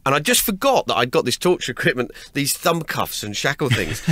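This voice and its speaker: Male comic guest, pitch leaps all over as he spins an anecdote, bone-dry studio sound. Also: brisk, dry recording. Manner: lively, laughs mid-story, restarts words. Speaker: comedian guest. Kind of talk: animated anecdotal storytelling. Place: radio studio.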